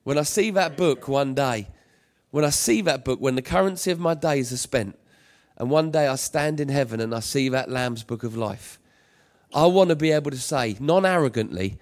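A man's voice: mid-range voice, animated, normal speed. A man preaching a sermon in an emphatic, repetitive style that rises to passionate appeals, telling a personal story to his congregation. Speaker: pastor.

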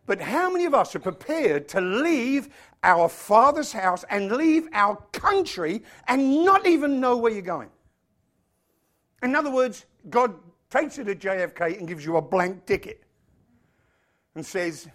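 Animated high-pitched male preacher. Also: a little slow. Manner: animated, acts out voices, big swings from loud to hushed. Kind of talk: sermon.

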